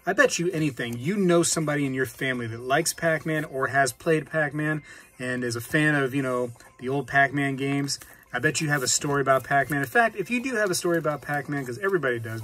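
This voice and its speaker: A man hosting a casual hobby vlog, chatting and reacting out loud while he plays a game. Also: mid-range voice, slightly rough. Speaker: coin-collecting channel host.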